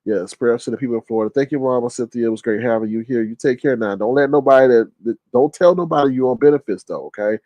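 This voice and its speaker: A man casually hosting a livestream, reading chat aloud in a joking, animated way and laughing often. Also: fast, hardly any pauses, dry recording. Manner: animated, joking, laughs often, jumps to high-pitched exclamations.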